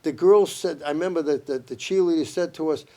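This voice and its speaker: A man with a Boston accent, a guest telling stories in a lively, animated way in casual chat. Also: a little high, a little fast.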